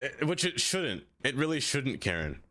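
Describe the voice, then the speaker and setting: A man's voice: medium pitch, very animated, normal speed, sharp tone. A man streaming live in casual chat, rambling and answering viewers by name, with lots of "like" fillers. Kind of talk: casual live-stream chat while playing a city-building game.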